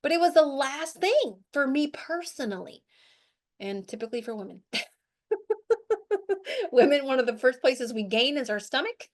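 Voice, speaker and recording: A middle-aged woman hosting a weight-loss show, giving an animated, chatty motivational talk to her group. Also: sits high, normal speed, pauses often. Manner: animated, chatty, with lots of "like" and "right?".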